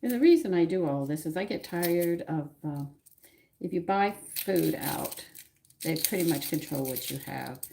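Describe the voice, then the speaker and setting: A woman's voice: low-pitched, animated, moderate pace, vocal fry, warm tone. A woman hosting a home cooking livestream, chatting with viewers, her pet and herself as she works in her kitchen. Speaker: cooking show host. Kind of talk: casual cooking livestream chat. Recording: noisy kitchen with clattering dishes.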